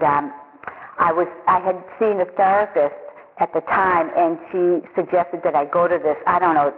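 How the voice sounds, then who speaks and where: Woman sharing a halting recovery testimony. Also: sits low. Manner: halting, repeats words, confessional. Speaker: recovery program member sharing her story. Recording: tinny phone-line sound with long echo.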